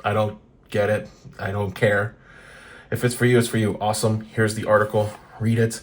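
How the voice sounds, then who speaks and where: A man's voice: fairly low pitch, level tone, moderate pace. A man hosting a guitar channel, reading old magazines aloud in casual commentary, blunt and profane, laughing often.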